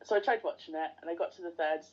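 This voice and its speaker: A woman's voice: on the low side, very fast, a little mellow. A woman guest on a podcast, chatting casually and enthusiastically like a fan. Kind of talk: casual interview chat. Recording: dull lo-fi sound.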